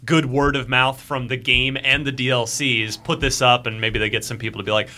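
A man's voice: medium pitch, fairly quick, a little hiss or hum. A man hosting a casual podcast chat, joking around and leading into each segment. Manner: animated, joking, introduces segments. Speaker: podcast host.

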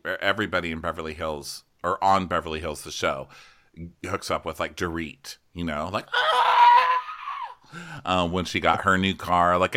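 A man co-hosting a podcast, chatting casually and animatedly about a reality show, swearing freely. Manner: animated, slips into exaggerated high voices when quoting people; swears freely, laughs along. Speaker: podcast co-host. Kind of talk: casual recap chat.

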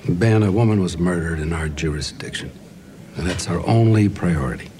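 Gruff, blunt DA in a TV drama, played by a man. Terse delivery, very low voice. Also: normal speed, mellow, lightly acted. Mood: stern. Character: blunt older male district attorney, gruff. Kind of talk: TV drama acting.

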